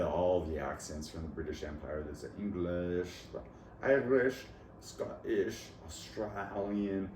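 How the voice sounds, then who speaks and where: A man's voice: on the low side, a little mellow. A man talking alone in a rambling, jumpy way about accents and his language lessons, laughing at his own jokes. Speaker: vlogger. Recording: echoey room, far from mic, noisy.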